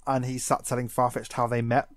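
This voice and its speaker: A man's voice: mid-range voice, brisk, no room sound, studio quality. Sarcastic man recapping a cartoon episode. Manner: sarcastic, animated storytelling. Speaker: podcast co-host. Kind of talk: casual episode recap chat.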